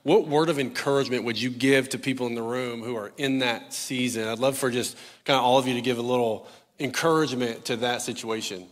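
A man's voice: medium pitch, fairly even intonation, fairly quick. Affirming man moderating a panel. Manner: affirming, with frequent "so good" replies. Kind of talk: hosting a panel at a live church event.

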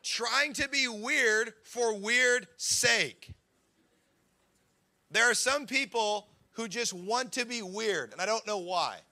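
A man's voice: very high-pitched, slow pace. A man in his thirties, a pastor giving a sermon, telling stories and acting out the people in them. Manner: storytelling, animated, acts out quotes.

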